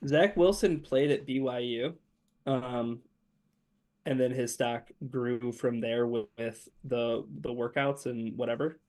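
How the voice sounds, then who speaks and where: A man's voice: medium pitch, takes it slowly, a little mellow. A man co-hosting a sports podcast, rambling casually with many fillers. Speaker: podcast co-host.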